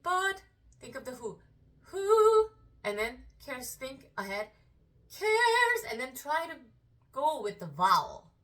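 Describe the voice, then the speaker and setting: A high, bright female vocal coach with Korean as her first language talks students through a song at an unhurried pace. Her voice swings widely as she slips from relaxed explanation into soaring sung demonstrations. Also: recorded from a distance. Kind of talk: singing lesson with sung demonstrations.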